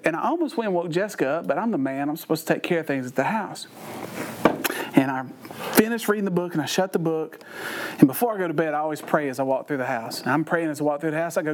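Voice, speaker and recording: Guy preaching w/ funny stories, high-pitched, animated, bit of background noise. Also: brisk. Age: older. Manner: animated, folksy storytelling with laughs. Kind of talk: storytelling sermon.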